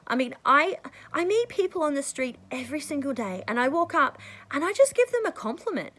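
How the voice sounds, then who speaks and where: Lively high-voiced woman giving chatty advice. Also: a little fast, poor audio. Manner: rambling, chatty, frequent throat clearing; bursts into high excited tones when acting out conversations. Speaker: vlogger giving life advice. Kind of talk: casual advice talk to camera.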